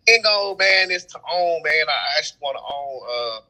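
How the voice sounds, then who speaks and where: Animated young man with a bright voice. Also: fairly high pitch, moderate pace, rough recording. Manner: animated storytelling with casual slang. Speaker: event host and promoter. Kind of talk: casual podcast conversation.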